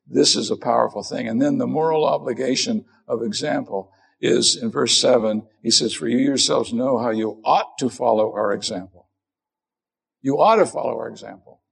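A middle-aged man delivers a sermon, a pastor with a gravelly edge and a somewhat husky tone. He preaches earnestly but conversationally, often turning the point on himself. His pitch sits in an ordinary middle range.

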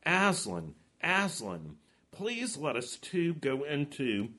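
A man's voice: a little high, wildly swooping pitch, slow, pushed and bright, heavily acted. A man reading aloud a curious, eager schoolboy from a storybook.

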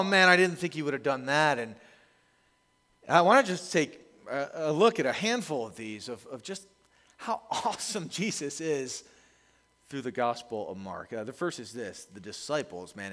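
Animated preacher in a reverberant hall. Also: male voice, a little high. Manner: lively, animated storytelling with laughs. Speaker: pastor. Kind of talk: sermon.

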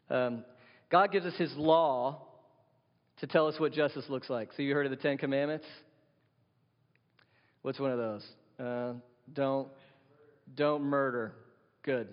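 A man preaching a sermon as pastor, in a blunt, conversational way, often asking the audience questions. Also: medium pitch. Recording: dull sound in a reverberant hall.

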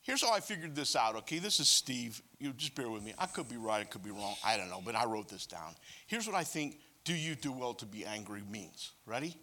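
Lively male preacher with a bright, forceful voice, animated sermon with joking asides. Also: mid-range voice, a little fast, few pauses, a little hiss or hum.

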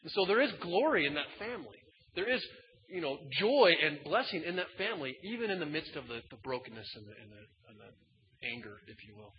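A man preaching with a slightly high voice, swinging from loud emphatic bursts to quiet asides in a casual, folksy way. His voice carries a long reverb from a large hall. The sound is somewhat muffled and dull. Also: very animated, fairly quick. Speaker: pastor. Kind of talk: sermon.

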